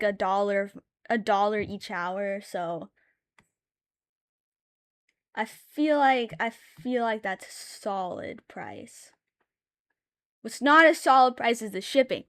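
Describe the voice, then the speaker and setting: Drawing live on stream, a young woman makes casual conversation, cursing a lot and meandering through stories packed with fillers, with laughs between her sentences. Her voice is on the high side with a fairly bright tone, and there's no echo.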